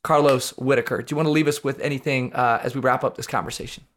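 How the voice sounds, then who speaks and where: A man's voice: medium pitch, steady tone, quick pace, a bit bright. A male podcast host thanking his guest with effusive praise and closing out the show. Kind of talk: interview wrap-up and outro.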